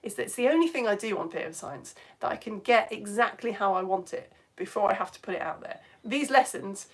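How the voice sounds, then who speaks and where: A woman's voice: mid-range voice, animated, brisk. A British woman presenting a live science lesson for children, gushing and exclamatory as she reads out viewers' comments. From United Kingdom. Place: home studio.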